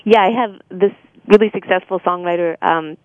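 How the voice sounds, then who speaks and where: A woman's voice: fairly low pitch, moderate pace, no echo, narrow, tinny audio. An American woman being interviewed, a singer and voice-over artist, talking casually with lots of fillers and laughing often.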